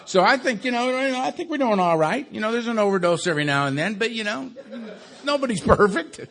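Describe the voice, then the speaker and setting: A man in his sixties from Los Angeles telling his recovery story at an AA meeting, with wry dark humor, conversational tag questions, and a quieter, subdued delivery for grave memories. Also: sits high, expressive, a little fast, gravelly. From Los Angeles, USA. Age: 60s. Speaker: AA speaker. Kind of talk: recovery talk to a live audience.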